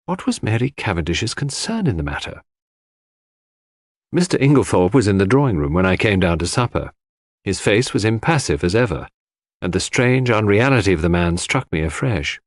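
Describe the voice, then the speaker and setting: A man reading a classic mystery aloud in measured, expressive narration. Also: on the low side, no echo, studio quality. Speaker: audiobook narrator.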